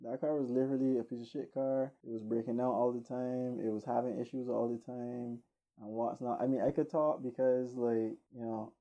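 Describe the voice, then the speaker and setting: A man telling a rambling, animated story casually, laughing now and then, in a dull lo-fi recording. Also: medium pitch.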